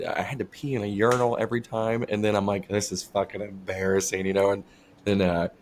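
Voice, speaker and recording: A man with a slightly low voice tells crude stories on a podcast. He swears freely and laughs along as he talks. A faint hiss sits in the background. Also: flat delivery, quick pace. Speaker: podcast co-host. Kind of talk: casual storytelling chat.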